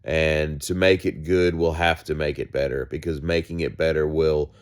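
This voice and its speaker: A boastful older male politician who circles endlessly around the same few words, as a man mimics him. The voice sits deep and low, and it plods along in a self-satisfied loop that never quite lands a point. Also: fairly even intonation, normal speed, clean tone. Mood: boastful rambling. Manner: circular, repetitive phrasing.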